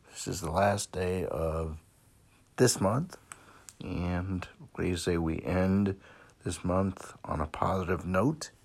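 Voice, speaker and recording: A very deep-voiced man hosting a motivational podcast. He talks slowly and unhurriedly, in a folksy, encouraging way, and checks in with "okay?" and "you know" between his points. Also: creaky, darkish tone. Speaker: podcast host. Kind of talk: motivational monologue. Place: Plymouth, Massachusetts.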